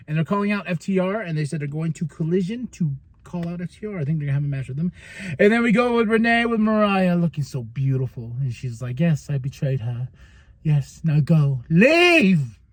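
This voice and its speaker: A man hosting a podcast, recapping wrestling in a casual monologue, laughing often and slipping into quick mock voices when he quotes people. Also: high-pitched, dry recording. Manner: laughs often, stumbles and restarts.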